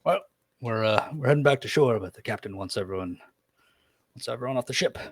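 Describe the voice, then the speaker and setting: A man's voice: mid-range voice, lively intonation, fairly quick, no echo. A man doing a plain matter-of-fact deckhand. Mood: explaining. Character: plain male ship crew member.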